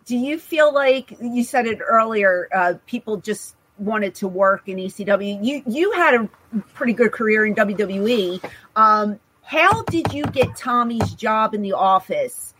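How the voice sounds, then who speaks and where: A woman hosting a podcast, asking her guest questions in a relaxed interview. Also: mid-range voice, unhurried. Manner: brief reactions and questions. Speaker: podcast host. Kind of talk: casual interview. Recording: noisy recording.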